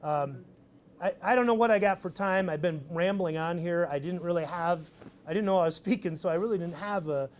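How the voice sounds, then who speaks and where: A man giving a casual, energetic talk to an audience at a live event, swearing freely as he tells his story. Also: sits high, fairly quick, slight background noise. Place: event stage.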